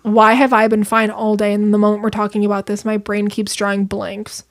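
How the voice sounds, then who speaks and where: A young woman chatting as a podcast guest, telling stories in an animated way with quick asides. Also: medium pitch. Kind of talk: casual chat.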